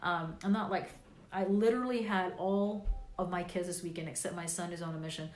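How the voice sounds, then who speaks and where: A woman's voice: on the low side, steady tone, fairly quick, reverberant, a little hiss or hum. A woman with grandchildren, tired, chatting in a casual live video and giving a rambling, encouraging pep talk full of fillers. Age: older. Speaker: vlogger and podcast host.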